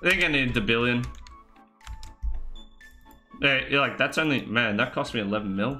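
A man's voice: medium pitch, moderate pace, pauses often, music in the background. A man streaming a video game, chatting casually with his live chat, reading messages aloud and laughing often.

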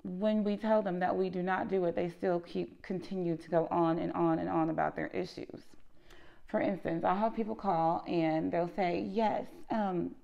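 A woman who runs a lice treatment business, telling an animated, emphatic storytime vlog and often tagging her points with "okay?". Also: fairly low pitch, normal speed, gravelly, dull audio.

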